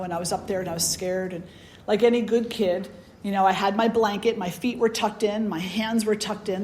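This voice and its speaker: Woman spiritual teacher, conversational storyteller, animated and filler-heavy. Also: medium pitch, a little hiss or hum. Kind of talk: storytelling talk.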